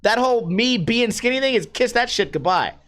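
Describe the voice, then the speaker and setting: Profane, animated podcast-host man. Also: very high voice, a little fast. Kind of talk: casual rant. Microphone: podcast microphone.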